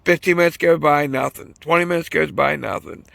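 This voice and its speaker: Out by a pond with his fishing gear, this vlogger spins a meandering, swear-filled tale in a casual video, often correcting himself. He talks fairly quickly in a highish, creaky, somewhat bright voice, recorded dry.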